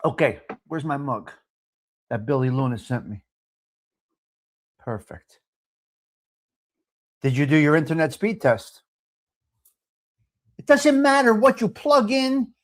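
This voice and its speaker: Casting note: brash male live-stream host with a high voice who talks a lot and greets viewers. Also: expressive, slow pace, long pauses. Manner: brash, talkative, mixes in Italian phrases. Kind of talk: casual live stream chat, reading viewer comments.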